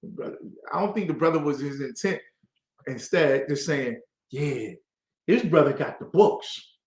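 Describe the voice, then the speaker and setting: A man teaching a scripture class to a group, lively and conversational, acting out the voices he quotes. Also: fairly high pitch, moderate pace, roomy sound. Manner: lively, call-and-response, acts out quoted voices.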